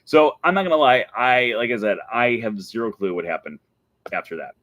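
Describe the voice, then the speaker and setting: A man hosting a casual vlog, telling an excited story and breaking into laughter again and again. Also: mid-range voice, fairly quick, no room sound. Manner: giggly, keeps breaking into laughter. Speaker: show host.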